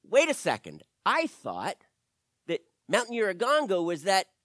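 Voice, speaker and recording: A man's voice: sits high, wildly swooping pitch, unhurried, a bit bright, no room sound, clean studio sound, exaggerated voice. A man voicing an observant young man who asks careful questions. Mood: alert.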